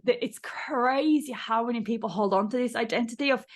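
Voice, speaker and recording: A woman host with a fairly high voice chats easily in a podcast conversation. She swears casually and drops into quoted voices as she relates to her guest. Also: brisk, hardly any pauses.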